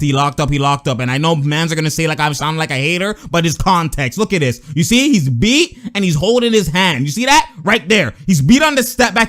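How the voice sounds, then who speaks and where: Animated young man breaking down basketball. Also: high-pitched. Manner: animated, laughs often, slangy, repeats phrases. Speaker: basketball commentator reacting to game clips. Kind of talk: casual reaction commentary.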